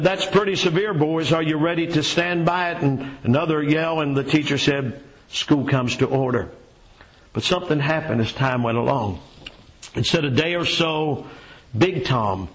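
A man preaching a sermon and reading a story aloud, folksy and unhurried, with many fillers and repeated words. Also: fairly high pitch, rough recording.

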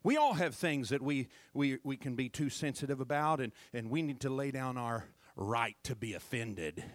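A middle-aged male pastor preaching a sermon who keeps checking on the congregation with "hello?" and swings between loud emphasis and hushed asides. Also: medium pitch, moderate pace, no echo.

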